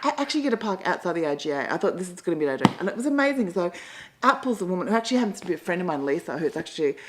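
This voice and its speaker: A middle-aged Australian woman doing a rambling, self-mocking comic monologue, with sudden loud, sweary outbursts. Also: on the low side, big pitch swings, very fast, noisy background. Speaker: comedian and columnist.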